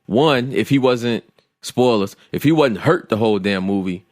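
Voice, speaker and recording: A man's voice: mid-range voice, expressive, moderate pace, darkish tone, no echo, clean studio sound. A man in his thirties co-hosting a casual podcast chat, blunt and opinionated, often repeating himself. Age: 30s. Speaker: podcast co-host.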